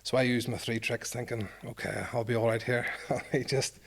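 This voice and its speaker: A gravelly, husky, slightly bright voice belongs to a Northern Irish man in his forties, a former rugby player, recounting self-deprecating stories in an interview and acting out what others said. He speaks at a moderate pace in a mid-range voice with fairly even intonation.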